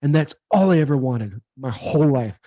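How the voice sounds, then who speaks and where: A man's voice: medium pitch, expressive, normal speed, warm tone, dry recording. A man in his forties, a former pro athlete, earnestly telling a personal story in an interview, repeating words as he goes. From United States. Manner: earnest, repeats words, acts out quoted dialogue. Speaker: guest, former pro baseball player and speaker.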